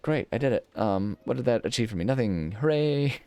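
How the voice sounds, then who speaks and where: A man's voice: medium pitch, animated, brisk, a little mellow, smooth. A man hosting a gaming channel, talking casually over gameplay in a rambling, self-mocking way and humming nonsense syllables now and then.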